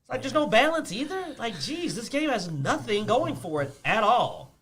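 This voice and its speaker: A man co-hosting a casual chat show about games, ranting in an animated way and laughing often. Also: extremely high pitch, normal speed, slightly rough. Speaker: podcast co-host.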